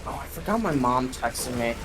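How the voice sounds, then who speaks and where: A man's voice: medium pitch, expressive, moderate pace, over music, poor audio. A man chatting casually with a friend while gaming, swearing often and restarting his sentences. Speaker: co-streamer friend.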